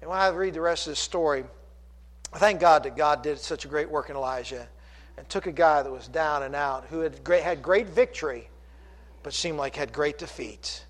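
A man's voice: a little high, normal speed. A man preaching a sermon with passion, retelling scripture and speaking God's lines in his own voice. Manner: impassioned, paraphrasing scripture in God's voice. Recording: long hall reverb.

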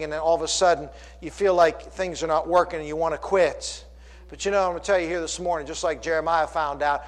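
A man preaching a sermon as pastor, animated, with sudden loud bursts and repeated words. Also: a little high. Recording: long hall reverb.

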